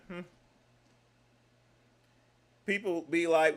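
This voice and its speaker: A man hosting a livestream, reacting to clips with emphatic, mocking repetition and sudden bursts of shouting. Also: sits high, animated, takes it slowly, long pauses. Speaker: livestream host. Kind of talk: live reaction commentary.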